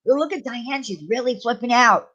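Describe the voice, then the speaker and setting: A woman's voice: a little high, normal speed, fairly bright tone, muffled recording. Earnest woman on a live stream. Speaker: channel host. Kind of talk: casual live-stream chat.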